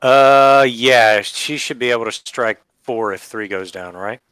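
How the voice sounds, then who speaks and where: A man playing a tabletop game, calmly announcing his moves and counting up his damage. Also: medium pitch, a little slow, clear, resonant tone, no room sound. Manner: relaxed, counts dice rolls out loud. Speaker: player. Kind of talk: casual tabletop play.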